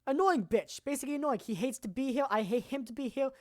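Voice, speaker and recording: A woman streamer presenting anime awards in casual, rambling, profane commentary that now and then bursts into loud shouting. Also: high-pitched, fast talker, no room sound, studio quality.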